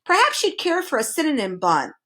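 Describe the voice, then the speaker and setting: A woman's voice: high-pitched, huge pitch swings, fairly quick, sharp tone, voice pushed up, exaggerated voice. A fussy, pompous courtly duke, voiced by a woman reader. He offers and scolds in a prim, lilting storybook voice.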